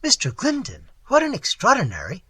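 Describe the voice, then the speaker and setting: A prim, faintly disapproving English wife, as a male reader puts her on. Her voice sits high and bright, with a husky edge. She speaks with careful, genteel propriety. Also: wildly swooping pitch, normal speed, full character voice. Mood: startled. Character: prim, proper middle-aged English wife.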